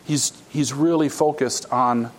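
A man's voice: mid-range voice, steady tone, a little slow, a little hiss or hum. A man preaching a conversational sermon, explaining a scripture passage and acting out quoted dialogue. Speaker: pastor.

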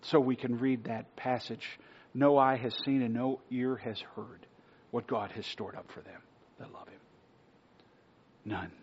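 Husky-voiced man preaching a sermon. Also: medium pitch, fairly even intonation, measured pace, long pauses. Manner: earnest preaching, dropping to a hush for emphasis. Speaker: pastor. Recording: dull lo-fi sermon recording.

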